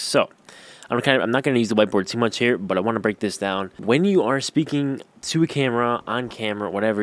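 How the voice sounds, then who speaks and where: Young male YouTube coach, lowish voice, casual filler-heavy delivery to camera. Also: dry recording. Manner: rambling, filler-heavy, slangy. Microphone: camera-facing.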